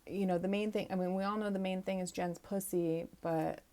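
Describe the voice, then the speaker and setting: A woman's voice: mid-range voice, fairly even intonation, brisk, a little mellow, slight background noise. A woman in her thirties hosting a show recap in casual solo chat, rambling and opinionated with lots of fillers and restarts. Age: 30s. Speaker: podcast host recapping a reality show.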